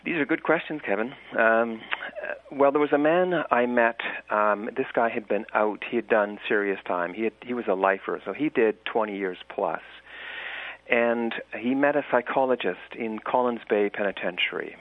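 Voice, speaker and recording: A man, an author, talking as a guest on a radio interview, thoughtful and halting with many restarts. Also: medium pitch. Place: island cottage. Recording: tinny phone line.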